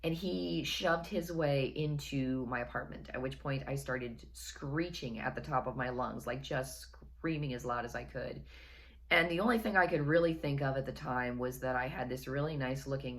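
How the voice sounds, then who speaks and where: A woman with a remarkably deep, low-pitched voice tells a personal story in a relaxed, casual way. She is chatty and wry, and she leans on repeated phrases to land the comedy. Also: normal speed. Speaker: storytelling vlogger.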